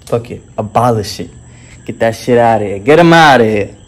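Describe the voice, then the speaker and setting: A man's voice: mid-range voice, lively intonation, brisk. A man delivering a motivational vlog monologue as a fitness and mindset coach, boastful and heavily profane, full of swaggering street slang.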